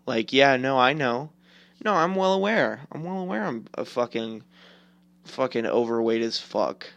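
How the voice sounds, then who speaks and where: A man's voice: mid-range voice, fairly bright tone, no room sound. A man in his twenties hosts a casual podcast rant, rambling on with constant filler words and plenty of swearing. His voice sits in an ordinary middle register. The recording is dry, with no room sound around him. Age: 20s. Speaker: podcast host.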